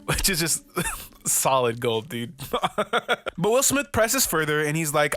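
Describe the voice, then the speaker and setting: A man's voice: on the high side, very animated, a little fast, sharp tone, faint music behind. A young man casually recapping a movie, loose and profane, with lots of fillers and chuckles.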